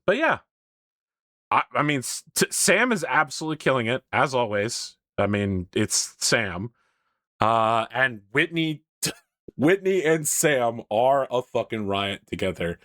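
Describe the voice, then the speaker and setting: A man hosting a casual podcast, talking in an animated way, laughing often and swearing freely. His voice sits at an ordinary middle pitch. It is recorded close and dry, with no room sound. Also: no room sound. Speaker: podcast host. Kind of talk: casual chat.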